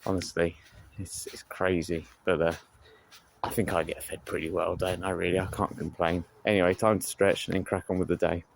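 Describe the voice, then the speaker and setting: Low-voiced man chatting outdoors. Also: little pitch movement, moderate pace, vocal fry, poor audio. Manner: rambling, chatty, full of fillers. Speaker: vlogger. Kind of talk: casual vlog chat. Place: outdoors on a seaside promenade. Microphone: handheld phone. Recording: loud outdoor background noise.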